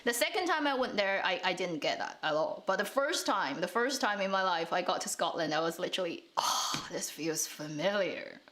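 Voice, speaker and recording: A woman's voice: medium pitch, expressive, fairly quick, few pauses, a bit bright. A woman from China hosting a casual live stream, chatting and answering comments with frequent laughs and restarts. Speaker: drama channel host.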